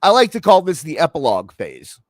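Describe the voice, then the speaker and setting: Animated man stammering through wrestling chat. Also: on the high side, fairly quick, no echo. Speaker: wrestling podcast host. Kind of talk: casual chat.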